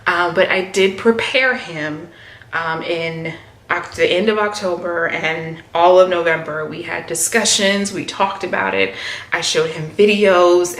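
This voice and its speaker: A woman in her thirties talks casually to her camera, filling pauses with "um" and acting out what her family said. Her voice sits a little low for a woman. The room is echoey, heard at home. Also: fairly bright tone. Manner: chatty, many "um"s and quoted voices of family. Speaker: hair vlogger.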